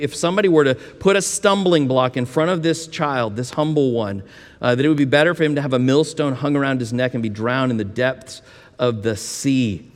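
A man preaching a sermon in a conversational way, with folksy asides and frequent restarts. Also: mid-range voice. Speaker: pastor. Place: church sanctuary. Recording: long reverb of a church hall.

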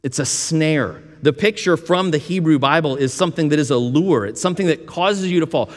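Male pastor, slightly high voice, conversational sermon, long church reverb. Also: fairly quick. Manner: conversational preaching with folksy asides and frequent restarts. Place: church sanctuary.

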